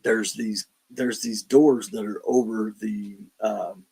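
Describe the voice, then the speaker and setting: A man telling his paranormal investigation stories in casual chat, animated and acting out the quotes. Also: lowish voice, slow pace, slightly rough, low-quality recording. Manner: animated storyteller, acts out quotes, laughs between lines. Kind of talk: casual storytelling on a podcast.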